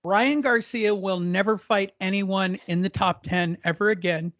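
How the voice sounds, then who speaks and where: A man's voice: high voice, fairly even intonation, measured pace, a bit bright, no room sound, muffled recording. A man hosting a boxing podcast, joking around and swearing in casual chat. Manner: joking, self-mocking, crude. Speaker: podcast host.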